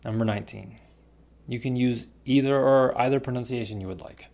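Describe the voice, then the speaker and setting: A man's voice: mid-range voice, steady tone, brisk, vocal fry, darkish tone. A man teaching English pronunciation, carefully demonstrating pairs of words. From United States. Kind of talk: pronunciation lesson.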